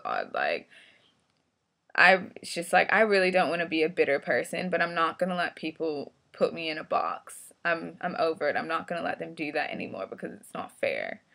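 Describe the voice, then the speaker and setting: A woman's voice: low-pitched, sing-song, normal speed, vocal fry, fairly bright tone. A woman vlogger telling a story in a casual, blunt, profane and frustrated way.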